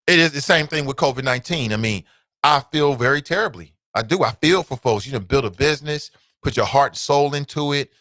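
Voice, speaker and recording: An American man hosts his own talk show, giving blunt, passionate, opinionated solo commentary with occasional swearing. His voice is mid-range and sharp, a little fast, with no room sound.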